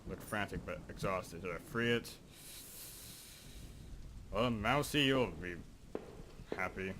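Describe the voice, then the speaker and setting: Low-voiced young man rambling over gameplay. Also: slow, noisy background. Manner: rambling and self-joking, reads in-game text aloud. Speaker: gaming video host. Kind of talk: casual let's play commentary. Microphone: desk microphone.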